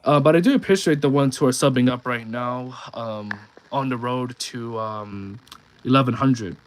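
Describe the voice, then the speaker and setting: A man's voice: mid-range voice, normal speed, poor audio. A young man streaming live and chatting casually, reading comments from his viewers aloud and rambling with many restarts.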